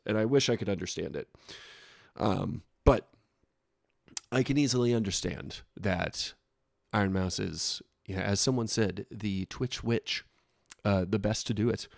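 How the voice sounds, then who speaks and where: A man in his thirties hosting a casual reaction video, talking haltingly with frequent restarts and laughs between thoughts. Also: fairly low pitch, creaky, darkish tone, no echo, clean studio sound. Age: 30s.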